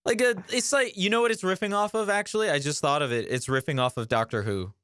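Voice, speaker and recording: This podcast co-host's voice sits high and moves fast, with a fairly bright, smooth tone. He's chatting casually, thinking out loud and filling gaps with plenty of fillers, on a dry, clean studio recording.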